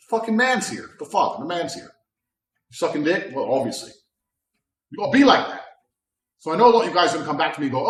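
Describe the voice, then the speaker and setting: A man in his thirties giving a blunt, profane motivational talk, swinging between loud bravado and low calm. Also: quick pace. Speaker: motivational speaker. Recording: roomy sound from a distant mic.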